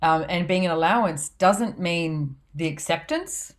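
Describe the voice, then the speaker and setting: A woman's voice: fairly low pitch, measured pace. A woman hosting a podcast, chatting casually and laughing often as she tells stories. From Australia. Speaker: podcast host and author.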